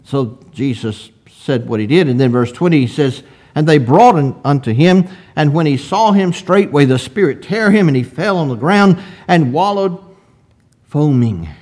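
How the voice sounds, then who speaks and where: A man's voice: a little high, animated, darkish tone. A man preaching a sermon, reading old-fashioned scripture aloud and asking his listeners rhetorical questions. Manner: slow, deliberate preaching with rhetorical questions and swells of emphasis.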